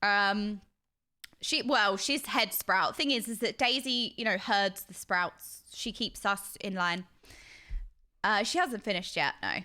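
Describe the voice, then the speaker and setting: A woman's voice: mid-range voice, slow pace, sharp tone. A woman streaming a game, chatting casually with viewers in an effusive, talkative way. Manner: chatty and self-described yappy; effusive, uses extreme language. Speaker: livestreamer. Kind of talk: casual livestream chat with viewers.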